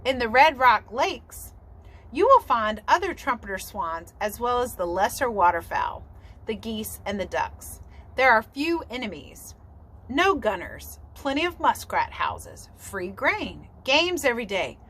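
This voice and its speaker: A woman voicing a grown male father swan who lectures his children in a solemn, measured way, reading from a storybook. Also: a little high, very animated, a bit bright, full character voice, rough recording.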